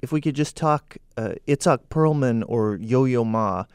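A man co-hosting a radio talk show, dry and low-key. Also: measured pace, a little mellow, clean tone, dry recording. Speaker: radio host. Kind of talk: casual radio chat.

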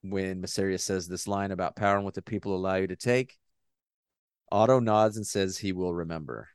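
A man talks through a TV episode with his co-host in loose, rambling chat, tossing in jokes and the occasional curse. His voice sits low, and the recording is dry and close with no room sound. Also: steady tone, fairly quick, smooth, dry recording. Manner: rambling, jokey, swears casually. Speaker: podcast co-host. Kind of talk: casual chat.

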